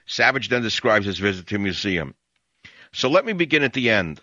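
A male radio talk host delivers a fiery, emphatic monologue in a bright, forceful voice with a slightly low pitch. The sound is dry and close, but dulled like an old lo-fi broadcast. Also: sing-song, a little fast, no echo.

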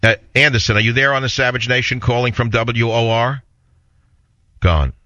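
A man's voice: mid-range voice, normal speed, pushed and bright, no room sound, highs cut off. A man with a New York accent hosting a talk radio show, combative and sarcastic in a rambling monologue.

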